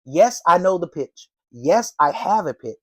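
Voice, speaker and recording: A man's voice: fairly high pitch, big pitch swings, measured pace, no echo. Guy teaching door knocking, casual slang, acts out little doorstep chats, dry mic. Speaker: door-to-door sales trainer. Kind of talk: animated sales training talk.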